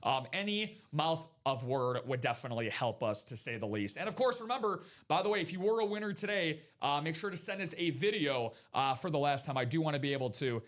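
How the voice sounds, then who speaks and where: Hype host for a live card-break stream: a man with a slightly high voice, chatty and playful. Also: animated, a little fast, hardly any pauses, a bit bright. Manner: chatty, hyped, jokey. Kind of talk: upbeat live-stream sales patter. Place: studio break room.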